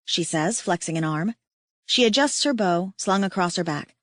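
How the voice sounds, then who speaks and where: A woman's voice: lowish voice, expressive, moderate pace, a bit bright, dry recording. Woman narrating an audiobook, close and dry. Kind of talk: first-person audiobook narration.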